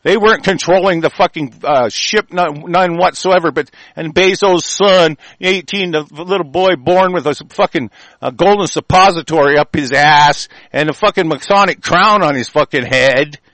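Furious swearing man ranting, high voice. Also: moderate pace, a bit bright, no echo. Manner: heated, swearing constantly, rambling with restarts. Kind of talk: angry profane rant.

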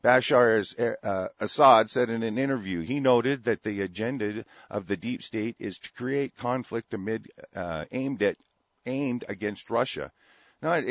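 A low-voiced man rants angrily, swearing and stumbling over his words between news items he reads aloud. The sound is dry and dull, like a lo-fi home recording. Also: no room sound. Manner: angry, profane, stumbling ranting. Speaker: host. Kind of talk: ranting commentary over read news.

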